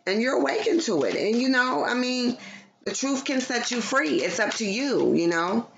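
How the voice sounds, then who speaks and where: A woman's voice: on the high side, expressive, normal speed, creaky. A woman giving a casual, profane tarot reading to her viewers, playful and loose, at times breaking into song. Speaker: tarot reader. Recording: dull lo-fi sound with background noise.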